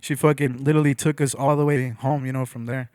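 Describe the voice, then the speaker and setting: A man's voice: medium pitch, flat delivery, quick pace, a little mellow, clear, resonant tone, no room sound. A young man, a podcast guest, telling a rambling story in casual slang, with "bro" and "you know" in nearly every line.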